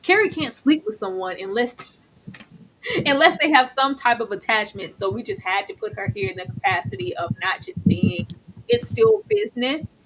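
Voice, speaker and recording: Animated woman doing a TV recap. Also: on the high side, normal speed, slight background noise. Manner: animated, acts out characters' lines in big voices. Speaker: co-host of a TV recap show. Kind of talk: casual reaction chat.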